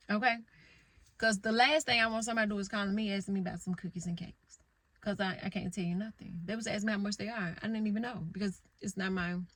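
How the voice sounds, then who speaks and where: A woman's voice: mid-range voice, steady tone, fairly quick, no room sound. Middle aged woman venting into her phone in the car, cussing, going off on tangents, dry close sound. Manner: rambling, blunt, swears freely. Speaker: vlogger. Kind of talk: casual candid storytelling. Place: parked car.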